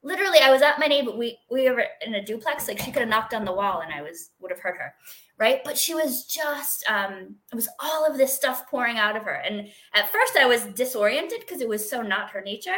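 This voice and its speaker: A middle-aged woman, a guest in an interview, telling her healing story in a chatty, expressive way with lots of fillers and laughter. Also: fairly high pitch, fairly quick. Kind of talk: casual interview conversation.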